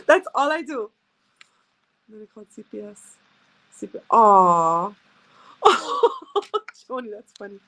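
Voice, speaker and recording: A woman's voice: on the high side, fairly bright tone. A woman chatting casually with viewers as a sales rep, telling stories and laughing often. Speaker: direct sales rep hosting a live stream.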